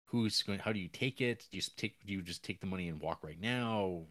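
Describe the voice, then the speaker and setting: A man co-hosting a podcast, casually recapping a film's plot in a rambling way, with lots of fillers and restarts and quick acted-out character lines. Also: low-pitched, a bit bright, no echo. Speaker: podcast co-host. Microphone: podcast microphone.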